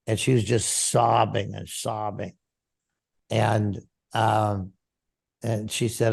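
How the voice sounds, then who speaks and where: A man's voice: lowish voice, level tone, measured pace, vocal fry, a little mellow. A man, a pastor, telling a personal story in an interview and acting out the dialogue vividly.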